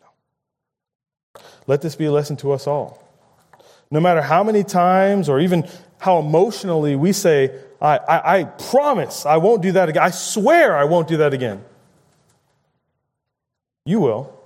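Mellow-voiced man preaching a sermon. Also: on the high side, measured pace, long pauses. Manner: conversational, animated preaching with quoted voices.

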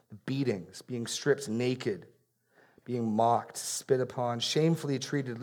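Earnest male preacher repeating key phrases. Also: medium pitch. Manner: earnest, repeats key phrases for emphasis, drops soft on solemn points. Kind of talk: expository sermon.

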